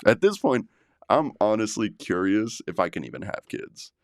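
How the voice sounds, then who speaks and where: A man on a casual podcast, telling profane stories that turn loud and animated. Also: on the low side, moderate pace, dry recording, studio quality. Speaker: podcast host.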